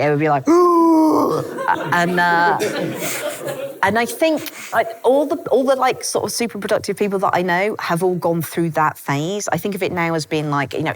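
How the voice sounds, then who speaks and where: Woman, fifties, low voice, quick animated storytelling, self-deprecating humour, laughs often. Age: 50s. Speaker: guest author. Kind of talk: live podcast conversation.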